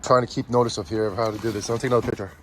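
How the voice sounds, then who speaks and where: A man vlogging as a father while unboxing a prop with his kids, chatty and teasing, easily excited. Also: fairly low pitch, rapid-fire, slight background noise. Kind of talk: casual chat.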